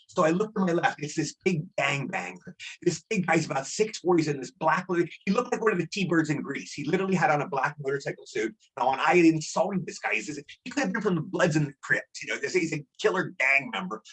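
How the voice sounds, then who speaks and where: Fast-talking, excitable man telling stories. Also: on the high side, slightly rough, low-quality recording. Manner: fast and excitable, acts out quotes. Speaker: guest actor. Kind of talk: animated storytelling.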